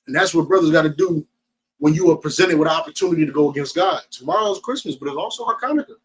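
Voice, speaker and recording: Man, New Jersey accent, high-pitched, street preaching, emphatic, slangy. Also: quick pace, a little hiss or hum, rough recording. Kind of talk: preaching to a group.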